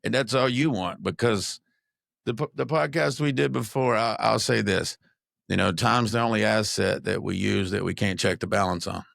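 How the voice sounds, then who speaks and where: A man's voice: on the low side, normal speed, vocal fry, a bit bright, no room sound, studio quality. A man hosting a podcast, speaking in a heartfelt, reflective way. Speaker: podcast host. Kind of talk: conversational interview.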